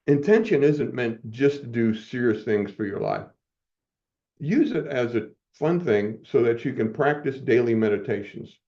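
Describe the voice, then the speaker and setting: Older man, mellow low-key voice, rambling storytelling, chuckling, muffled audio. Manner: rambling, chuckles often, self-correcting. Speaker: podcast guest. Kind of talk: storytelling in a casual interview.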